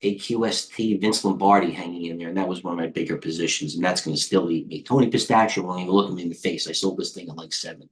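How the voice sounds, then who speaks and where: A man coaching traders live, rambling quickly from one stock to the next and growing excitable as he goes. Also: low-pitched, a little hiss or hum. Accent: American. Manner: rambling, excitable, jumps between tickers. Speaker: trading coach. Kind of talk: live market commentary.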